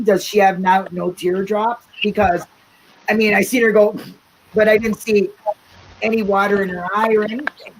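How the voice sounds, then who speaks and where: A woman's voice: medium pitch, slight background noise, rough recording. A woman hosting a casual talk-show discussion, talking emphatically, repeating herself and often asking "you know what I mean?".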